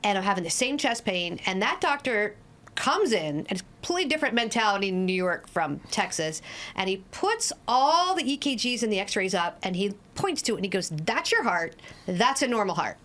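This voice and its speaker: Blunt, lively woman telling her story. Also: medium pitch, fairly quick. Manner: blunt, lively storyteller who swears freely. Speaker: addiction specialist guest. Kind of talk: candid conversational storytelling.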